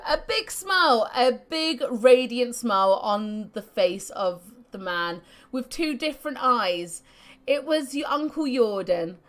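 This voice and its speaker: A woman's voice: high-pitched, a bit bright, exaggerated voice. A woman voicing a boastful old male ex-thief in a grungy put-on accent, reminiscing in a video game.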